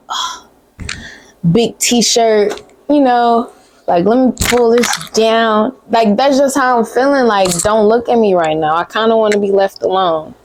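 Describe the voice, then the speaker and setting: A woman's voice: medium pitch, darkish tone, no echo. A young woman, giving a blunt, profane, sisterly pep talk straight to camera in a casual vlog. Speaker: vlogger.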